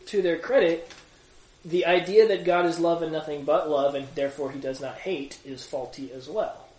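Male Bible study leader, lively and chatty, slightly higher voice, echoey room. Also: moderate pace. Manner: animated, conversational, rhetorical questions. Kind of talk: casual group teaching.

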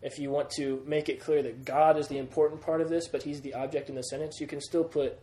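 A man's voice: a little high, little pitch movement, quick pace, mellow. A man teaching a Greek grammar lesson to a class, patient, repeating key points and checking that students follow. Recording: roomy classroom sound.

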